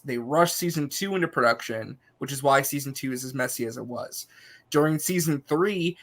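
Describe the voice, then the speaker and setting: A man's voice: medium pitch, sharp tone. A man hosting a casual chat, explaining things in an opinionated way.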